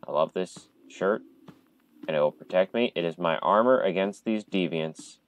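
A man's voice: deep voice, normal speed, low-quality recording. Jumpy man gaming on a headset at home. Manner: jumpy, talks to viewers, loud startled outbursts. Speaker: gamer streaming a horror game. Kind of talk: casual horror game commentary.

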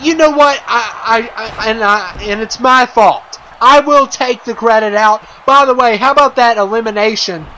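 Man voicing a sore-loser wrestler, shouting, high sharp voice, blustery, defensive. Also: normal speed, hardly any pauses, slight background noise, low-quality recording. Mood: angry.

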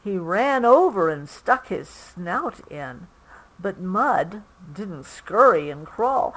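A mother reading a picture book aloud to her child at home, expressive and stopping now and then to explain. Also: on the low side, slow pace, breathy edge, rough recording. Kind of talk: storybook read-aloud.

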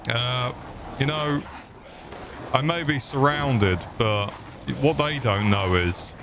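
A young Englishman with a lowish voice riffs through a horror game, sarcastic and quick to swear. He mocks the figures on screen in a jokey let's play, with faint game ambience behind him. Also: background noise. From England. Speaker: gaming youtuber. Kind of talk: comedic let's play commentary.

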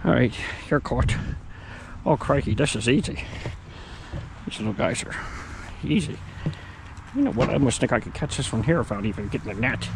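A man's voice: mid-range voice, a little fast, pauses often. A man vlogging as he catches groundhogs outdoors. He exclaims constantly and coaxes the animals as he talks. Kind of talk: casual outdoor narration. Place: outdoors, yard and woods. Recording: outdoor noise behind voice.

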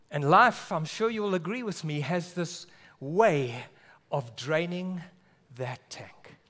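A man from South Africa preaching a sermon in church, earnest, often dropping to a hushed, low voice on key words. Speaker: pastor.

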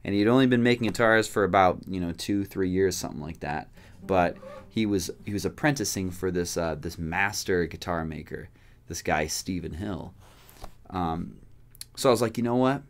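A male guitarist chatting in a casual vlog, his voice sitting a little low. He talks in loose slang and jokes, leaping up in pitch when excited and dropping back to low asides. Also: normal speed. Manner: slangy and jokey, with big swings up and down in pitch.

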